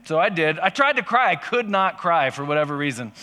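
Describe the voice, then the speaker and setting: A man's voice: on the high side, expressive, brisk, few pauses, sharp tone, long reverb tail. A male pastor giving a casual sermon, telling personal stories in a conversational, self-deprecating way.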